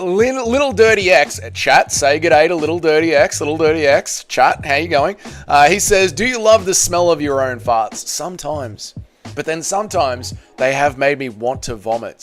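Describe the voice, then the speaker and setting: An Australian man hosting a casual fight-sports livestream, reading viewer comments aloud in a chatty, slangy, jokey way. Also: fairly high pitch. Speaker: MMA channel livestream host.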